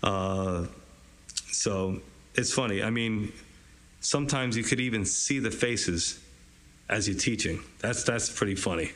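A man's voice: on the low side, a little slow, long pauses, a bit bright. A man teaching a casual, conversational verse-by-verse sermon, with lots of "you know" asides and frequent chuckles. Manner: conversational, chuckles often, many fillers and asides. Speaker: pastor teaching a Bible study.

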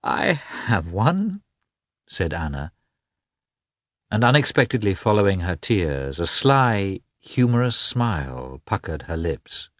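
Man, audiobook narrator, deep voice, husky, dry close sound. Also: very animated, unhurried, dry recording. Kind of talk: scripted narration.

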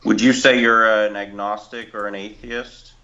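A man with a bright, forceful voice chats on a podcast, hedging his answers and tossing back playful questions. His recording sounds dull and muffled, as if the high end is cut off. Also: flat delivery, normal speed. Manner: hesitant, playful, asks questions. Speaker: podcast co-host. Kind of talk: casual podcast chat.

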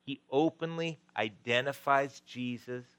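A man's voice: medium pitch, measured pace, a bit bright, smooth, no room sound. A man preaching a sermon as pastor, conversational, with frequent restarts and asides.

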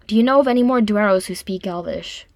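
Woman voicing a proud dwarf prince, wry and dry, mid-pitched, close dry sound. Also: fast talker, dry recording, lightly acted. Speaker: reader voicing a character. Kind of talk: audiobook fan fiction reading.

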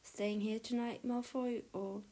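A woman's voice: a little high, fairly even intonation, unhurried, warm tone, natural voice. Harry Potter, a woman voicing an earnest teen boy. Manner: blunt, impatient, stammering when flustered. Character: exasperated earnest teenage boy.

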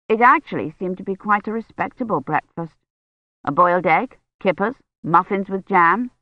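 A narrator reading a novel aloud in a measured, even storytelling voice. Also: mid-range voice, dry recording. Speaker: audiobook narrator. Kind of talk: scripted audiobook narration. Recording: dry, dull lo-fi recording.

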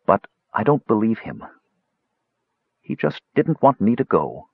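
A secretive dwarf juggler talks earnestly and in riddles, as a man puts him on. The voice is pitched up from the reader's own, gravelly and husky. The sound is dry and dull. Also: very animated, unhurried, no echo, full character voice. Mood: cryptic. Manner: earnest and cryptic. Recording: dull lo-fi audiobook recording.

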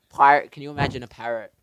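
A man's voice: medium pitch, fairly bright tone. A young man co-hosting a casual podcast chat, rambling through silly jokes and laughing often. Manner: rambling, jokey, giggly. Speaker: podcast co-host. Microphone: podcast microphone.

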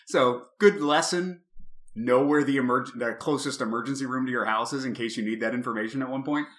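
A man in his thirties tells a story in casual chat, swearing freely and leaping into shouts as he replays the scene. His voice is bright and forceful, with a middling pitch. The sound is roomy and echoey. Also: moderate pace. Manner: animated, profane, swings to shouting in retold moments. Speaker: podcast co-host.

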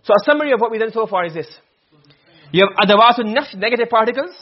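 A man teaches Arabic grammar in a classroom, speaking fast, expressively, and fairly high for a man while quizzing his students with rapid-fire questions. The recording is muffled and lo-fi.

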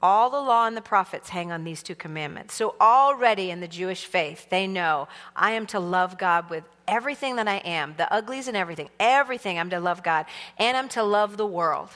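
A woman teaching a sermon in a casual, animated way, leading the congregation in call-and-response. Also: medium pitch, brisk. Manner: animated, casual and conversational, teasing the audience. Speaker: church teacher. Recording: long hall reverb.

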